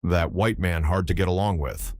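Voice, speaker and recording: A man's voice: sits low, steady tone, moderate pace, darkish tone, dry recording, clean studio sound. A man voicing a sulky teenage boy who grumbles and scolds in a drawl, in an audiobook. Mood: grumbling.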